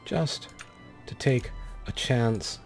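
Pompous, gravelly man with slow, theatrical delivery. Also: medium pitch, soft background music. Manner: theatrical, affected and pompous, calling characters darling and dear. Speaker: let's play host. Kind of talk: gameplay commentary in a pompous persona.

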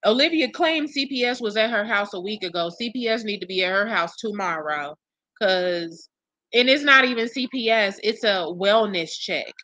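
A woman's voice: medium pitch, expressive, normal speed, bright, forceful tone, no room sound. A woman hosting casual commentary for her viewers, blunt, profane and exasperated as she gossips. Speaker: commentary channel host.

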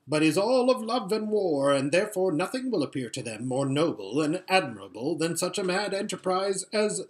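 A man doing a whining fawning old vizier. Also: a little high. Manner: whining, flowery and obsequious.

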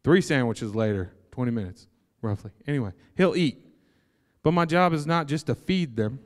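Excitable young preacher in a reverberant hall. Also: male voice, medium pitch, moderate pace. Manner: animated, joking and excitable. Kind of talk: sermon.

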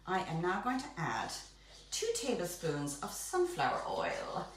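A woman's voice: on the low side, wildly swooping pitch, measured pace, very echoey, noisy background. A woman hosting a live baking demonstration in her home kitchen, chatty, playful and theatrical.

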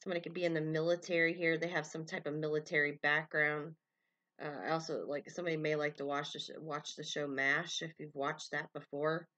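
A woman with a low, bright voice doing a collective tarot love reading for her viewers. She rambles gently and fills gaps with "um" and "you know". She calls out names and letters as they come to her. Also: flat delivery, a little fast, highs cut off. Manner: meandering, calls out names and initials as they come, frequent fillers. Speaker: tarot reader.

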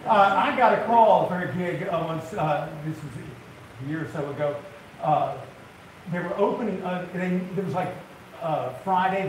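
In a big event hall before a live audience, an older woodworking TV host delivers a funny talk, spinning folksy stories and getting worked up. His voice runs a little high, and the recording is echoey, from a distant mic, with audience noise.

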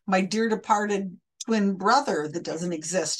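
A woman's voice: mid-range voice, unhurried. A woman host explaining an investigation in a chatty, wry way, often restarting her sentences. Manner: chatty, wry, self-correcting. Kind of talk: casual explanatory monologue.

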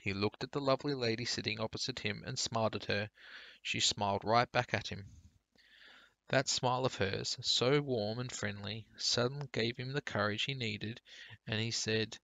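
A man teacher reading a children's storybook aloud for pupils in a clear, steady storytelling way. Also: lowish voice, moderate pace, no room sound.

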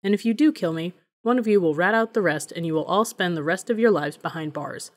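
A steady, defiant teenage boy who talks slowly and deliberately, voiced by a woman reading a storybook. He stays calm under threat. Her voice sits a little low for a woman.

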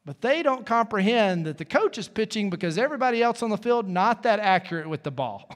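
A man's voice: high-pitched, long reverb tail. A male pastor preaching a sermon in a conversational way, with folksy asides to the congregation. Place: church sanctuary.

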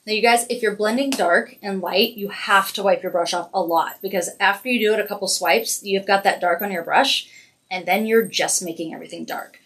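A woman's voice: mid-range voice, brisk, fairly bright tone. A woman hosting a casual weekly livestream makeup tutorial, chatty and encouraging as she narrates each step. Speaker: makeup brand host doing a weekly live demo.

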